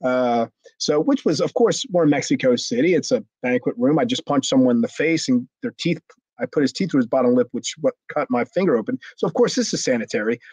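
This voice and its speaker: The speaker, a middle-aged man, has a husky, darkish mid-range voice and talks a little fast. A one-time pro wrestler, he tells an interview story casually, cursing freely and acting out the people in it. It's a dry, slightly dull lo-fi recording.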